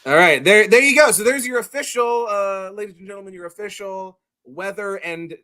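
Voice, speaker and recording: A man hosting a casual comedy show, loud and laughing, saying y'all. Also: high voice, normal speed. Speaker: podcast host. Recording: music in background.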